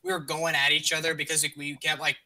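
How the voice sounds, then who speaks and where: A young man co-hosting a casual gaming podcast, teasing a friend in animated stories. His voice is bright and slightly higher pitched. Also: fast. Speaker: podcast co-host.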